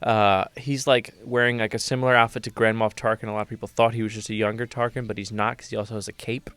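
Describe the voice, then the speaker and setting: A young man chatting casually as a podcast co-host, his voice smooth and resonant. He rambles, leaning on fillers and half-finished thoughts. The mic is close and dry, with no room sound. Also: fairly low pitch, little pitch movement, fast, fairly bright tone, dry recording. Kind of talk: casual chat.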